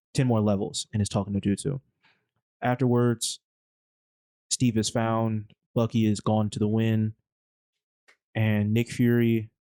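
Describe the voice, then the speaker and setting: Guy recapping a movie on his podcast, low mellow voice, rambly and slangy. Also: no echo. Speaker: podcast co-host.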